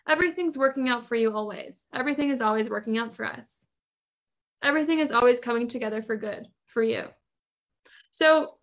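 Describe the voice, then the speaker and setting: A woman's voice: high voice, fairly bright tone. A woman hosting a podcast, coaching listeners in an emphatic motivational monologue full of repetition and rhetorical questions. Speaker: podcast host and business coach.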